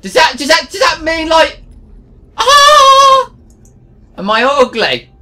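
A young man bantering casually while playing a video game, jokey, teasing and excitable. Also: very high-pitched, slow pace. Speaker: gaming channel co-host.

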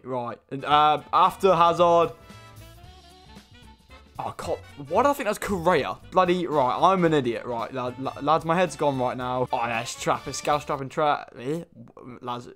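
A young man commentating as he opens game card packs, excitable and swearing, with sudden shouts. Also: fairly high pitch. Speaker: gaming YouTuber. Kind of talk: excitable pack-opening commentary.

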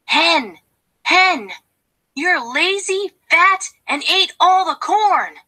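A woman voicing a bossy, gossiping turkey in a storybook with a high, urgent voice. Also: lively intonation, drawn-out words, sharp tone, dry recording, exaggerated voice.

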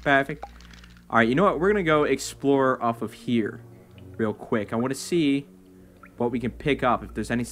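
A young man commentating his own game play at home, excitable, breaking into shouts and laughs at his wins. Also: mid-range voice. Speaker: gaming video host. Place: home room.

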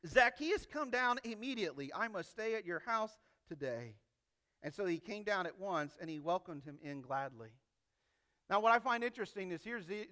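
Pastor, male, high and bright-toned, lively conversational preaching with acted-out quotes. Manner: animated, acts out quoted voices. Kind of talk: sermon.

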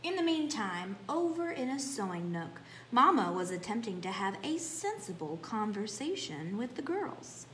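A woman teacher reading a children's picture book aloud with animated, expressive storytelling. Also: medium pitch, moderate pace, few pauses. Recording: echoey room, faint background hum.

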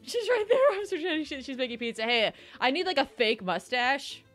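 A young woman from New Jersey hosts a casual gaming stream, giggling often as she chats with viewers and reads on-screen prompts aloud. Her voice sits high and bounces through a wide, lively range. Soft music plays underneath. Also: a little fast. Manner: giggly, chatty, thanks viewers and reads out tutorial text. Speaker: game streamer.

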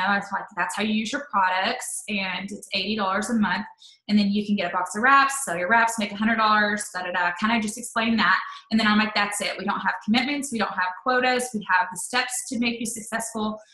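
A woman's voice: medium pitch, fairly even intonation, fairly quick, sharp tone, roomy sound, low-quality recording. A woman coaching her team on a casual live stream, upbeat and chatty, with frequent "um" and "like". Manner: upbeat, chatty, says "um" and "like" often. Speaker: network marketing leader.

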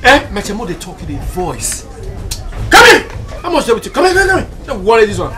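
Loud nigerian ghetto gang boy, high voice jumping all over, bossy street talk. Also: big pitch swings, a little fast, background noise. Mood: shouting, heated. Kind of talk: Nollywood film acting.

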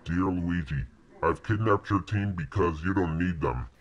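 A man voicing a menacing male ghost king villain in a creepy, deep, taunting voice for a plush toy video. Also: unhurried, dull audio. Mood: sinister taunting.

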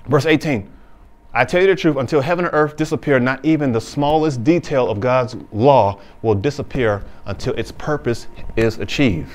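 A male pastor preaching a sermon, reading scripture slowly and then explaining it in casual, plain talk. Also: a little high. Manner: casual informal phrasing.

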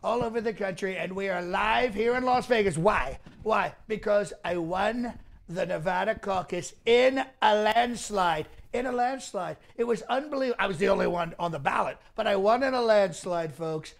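On a mock press room set, a male comedian impersonates a boastful president, rambling and repeating himself through a fake press conference. His voice sits high and creaky, moving at a normal pace.

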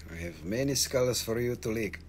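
A man hosting a live crystal sale, joking and rambling with viewers, his throat acting up so he keeps clearing it. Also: medium pitch, animated, moderate pace, a little hiss or hum. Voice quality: gravelly, husky. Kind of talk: casual livestream sales chat. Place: shop studio, indoors.

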